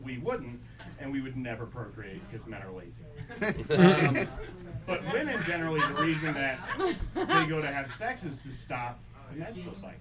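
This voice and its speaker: A young man doing stand-up comedy, telling stories in a deadpan way and acting out both sides of each exchange. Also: medium pitch, very noisy. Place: small theatre stage. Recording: distant mic with audience laughter.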